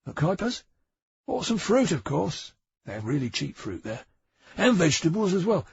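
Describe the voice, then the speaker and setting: A man narrating puts on a dim young male police officer whose voice jumps high and husky as he protests and fumbles his answers. He sounds defensive and baffled, and the recording is dry and dull. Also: very animated, moderate pace, no echo, heavily acted.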